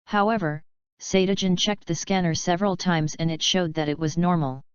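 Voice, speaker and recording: Woman audiobook narrator, steady, dull lo-fi recording. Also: lowish voice, normal speed, clean tone, dry recording. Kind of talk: audiobook reading.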